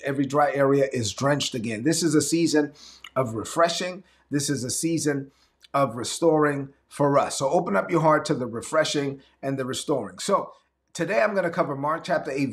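A man preaching a sermon as pastor, conversational and emphatic with dramatic swings. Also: fairly high pitch.

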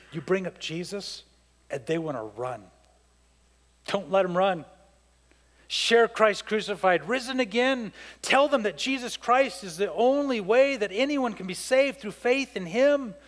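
A man's voice: sits high, expressive, a little slow, a bit bright, long reverb tail. A man preaching a sermon as pastor, telling a story and acting out the voices of the people in it with emphasis.

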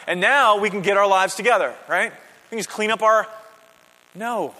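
A man's voice: high voice, normal speed, bright, forceful tone. A man preaching a sermon to a congregation in a conversational style, checking in with questions and building to emphatic peaks. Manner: builds to emphatic, rising climaxes. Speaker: pastor. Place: church sanctuary. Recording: long reverb of a church hall.

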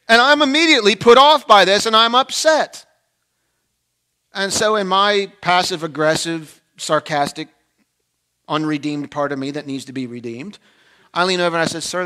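Bright, forceful preacher telling a story. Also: male voice, high voice. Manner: animated, swinging between loud emphasis and hushed asides; self-deprecating humor. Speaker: pastor. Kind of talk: sermon with personal storytelling.

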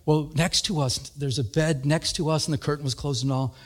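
Middle-aged male pastor, high voice, casual animated preaching, storyteller. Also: a little fast. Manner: conversational, animated storytelling with sound effects and quoted voices. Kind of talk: sermon.

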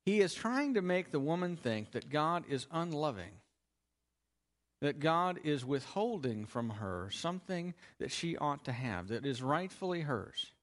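Very animated and speaking at a measured pace in a slightly high voice, a man delivers an expository sermon on a Bible passage. He poses questions to his audience, answers them himself, and leans on key words.

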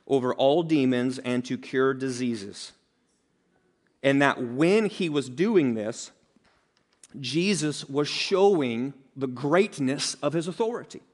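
Emphatic male preacher, rising pitch. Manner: emphatic preaching with repetition and rhetorical questions. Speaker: pastor. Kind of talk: sermon.

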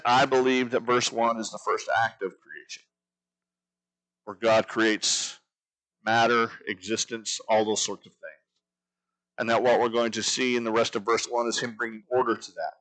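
A man's voice: medium pitch, sharp tone, low-quality recording. A man teaching a sermon, earnest, building his points by repeating phrases. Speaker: pastor.

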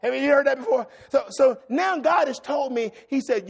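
A man's voice: extremely high pitch, normal speed, creaky, hardly any pauses, breathy edge. A middle-aged man preaching a sermon, telling stories animatedly and calling out to the congregation. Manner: animated storytelling, shouting at peaks, call-and-response with congregation. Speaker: pastor.

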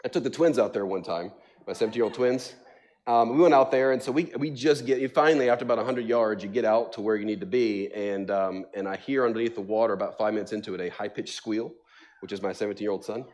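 A man's voice: lowish voice, quick pace. A middle-aged man, a pastor, telling funny stories in a sermon. He mocks himself, laughs often and fills his talk with "um" and "like.". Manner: animated, self-mocking storytelling with frequent laughter and fillers. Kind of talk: sermon, storytelling to a congregation. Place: church sanctuary.

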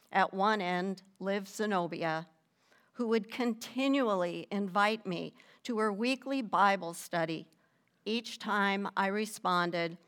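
An older woman reading her personal faith testimony in a measured, deliberate storytelling manner with gentle emphasis. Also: medium pitch, clear, resonant tone.

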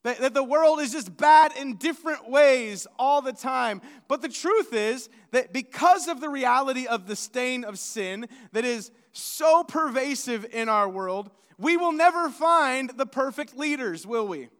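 A man with an extremely high, expressive voice and a fairly bright tone preaches a sermon, speaking a little slowly with few pauses. He's an earnest, conversational pastor who keeps restarting sentences and stammering, and a long hall reverb surrounds his words.

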